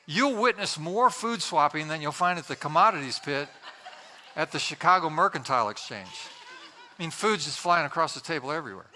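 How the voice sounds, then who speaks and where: A male pastor preaches in a church, his bright, forward voice leaning into jokes and playful asides. He tells everyday stories in a chatty, storytelling way and slips briefly into the voices of the people in them. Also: fairly high pitch. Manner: jokey, conversational storytelling with acted-out quotes. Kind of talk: humorous sermon. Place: church with congregation.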